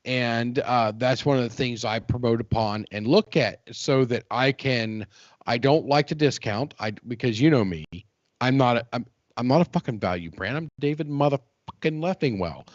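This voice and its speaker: A man's voice: mid-range voice, moderate pace, no echo, dull audio. A man co-hosting a podcast in casual chat, rambling, joking and swearing freely. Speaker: podcast co-host.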